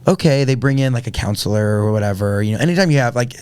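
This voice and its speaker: A man's voice: medium pitch, lively intonation, fast talker, a little mellow, clear, resonant tone. A man, telling a personal story earnestly on a podcast, with many fillers and restarts. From Indiana, USA. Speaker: podcast guest. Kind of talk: casual storytelling.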